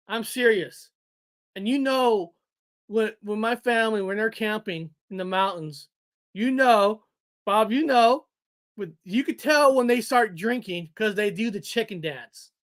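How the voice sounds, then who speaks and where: A woman's voice: medium pitch, dry recording, studio quality. A woman hosting a casual livestream, rambling and repeating her words, laughing often and a little out of breath. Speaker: livestream host.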